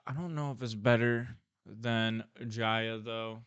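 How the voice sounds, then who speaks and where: A man's voice: fairly low pitch, fairly even intonation, slow, a bit bright, clean tone, dry recording, highs cut off. A young man appearing as a guest on a casual podcast, talking in a laid-back way and dropping in jokes.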